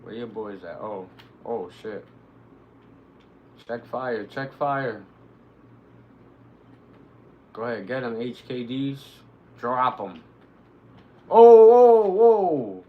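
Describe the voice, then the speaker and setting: A man streaming live, commenting on his gameplay, who bursts into excited, cursing shouts at the action. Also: mid-range voice, takes it slowly, pauses often, phone-quality sound, slight background noise. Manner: excitable, swearing, shouting reactions to the game.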